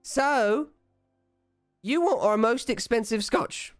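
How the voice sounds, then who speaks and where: A man voicing a friendly, sly goblin barmaid woman who teases in drawn-out, sing-song lines. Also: extremely high pitch, expressive, no room sound, clean studio sound, soft background music, voice pushed up, heavily acted. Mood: teasing.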